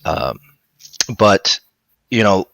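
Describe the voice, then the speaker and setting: Chatty man with a bright dry voice. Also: deep voice, lively intonation, extremely slow, vocal fry, no echo. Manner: rambling, many restarts and fillers. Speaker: guest audiobook narrator. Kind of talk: casual livestream chat.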